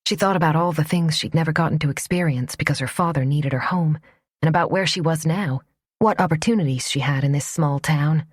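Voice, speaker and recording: A woman narrating a romance audiobook in a soft, even storytelling voice. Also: sits low, brisk, husky, no room sound, studio quality.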